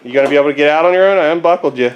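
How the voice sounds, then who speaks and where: A man filming his young sons at home on a handheld camera, chatting in playful sing-song baby talk and turning hushed and tender at bedtime. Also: fairly high pitch, racing, highs cut off. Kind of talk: casual family vlog. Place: family home, party then bedroom. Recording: noisy home video.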